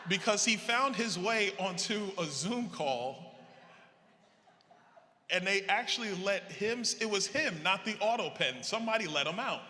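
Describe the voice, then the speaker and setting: Forceful man speaking in a big hall. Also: high-pitched, a little hiss or hum. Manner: animated, acts out quoted dialogue. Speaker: politician giving a convention speech. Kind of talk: storytelling speech to a live audience. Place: large convention hall. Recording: reverberant hall with faint crowd ambience.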